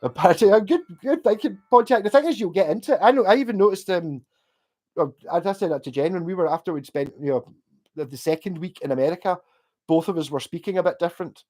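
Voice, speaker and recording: A man's voice: high-pitched, lively intonation, fast talker, darkish tone, soft background music. A Scottish man hosting a livestream, chatting casually and answering viewer comments in a rambling, sweary way full of restarts. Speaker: livestream host.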